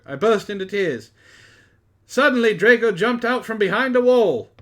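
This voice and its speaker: A man's voice: sits high, animated, moderate pace, fairly bright tone. A man reading a story aloud for laughs, with sarcastic asides between lines. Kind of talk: mocking comedic dramatic reading.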